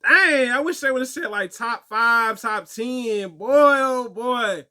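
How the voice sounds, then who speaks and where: A young man telling stories and answering viewer questions in a casual, animated way, laughing often. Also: extremely high pitch, takes it slowly. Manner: animated storytelling, laughs often, acts out quotes. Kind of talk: casual chat.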